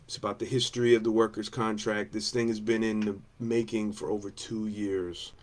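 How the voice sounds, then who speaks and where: A man's voice: fairly low pitch, level tone, normal speed. A man, a union steward, giving a blunt, combative campaign talk to coworkers, repeating his points between fillers.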